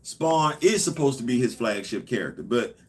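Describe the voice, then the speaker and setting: A man's voice: medium pitch, lively intonation, moderate pace. A man hosting a casual livestream, talking straight to viewers and hammering his points with repetition. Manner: emphatic, repeats points, addresses viewers directly. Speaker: host.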